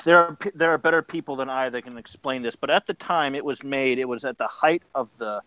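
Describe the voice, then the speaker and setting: A man's voice: medium pitch, brisk, bright, forceful tone, clear, resonant tone, dry recording, poor audio. A man on a podcast in casual chat, blunt and sarcastic with frequent swearing, talking from home. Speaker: podcast co-host. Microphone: home mic over internet.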